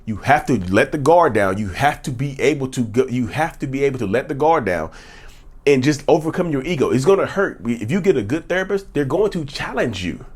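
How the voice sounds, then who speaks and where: A man's voice: medium pitch, animated, fairly quick, breathy edge. A man in his thirties hosting his own vlog, talking earnestly and emphatically and repeating phrases for stress. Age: 30s. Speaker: channel host. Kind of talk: personal vlog monologue.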